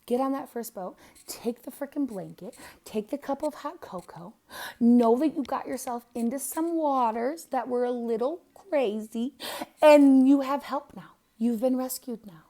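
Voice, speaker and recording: A woman's voice: fairly high pitch, moderate pace, warm tone. A young woman giving a casual birth chart reading, blunt and profane, with lots of fillers. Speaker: astrologer.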